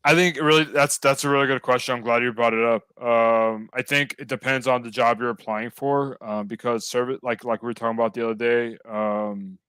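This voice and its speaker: A man talks in easy, rambling conversation, full of fillers and restarts. His voice is smooth and resonant. It sounds close and dry, with no room around it. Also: mid-range voice, steady tone, fairly quick, hardly any pauses, a bit bright, dry recording. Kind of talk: casual chat.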